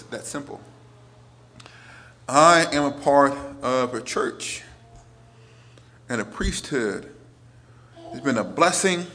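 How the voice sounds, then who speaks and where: A priest in his forties preaching a sermon, earnest, moving between emphatic lines and hushed ones. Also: mid-range voice.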